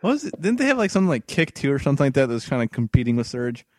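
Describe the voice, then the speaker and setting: A man in a casual podcast chat who tosses in quick jokes and wisecracks. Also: medium pitch, sing-song, a little mellow, no echo, clean studio sound.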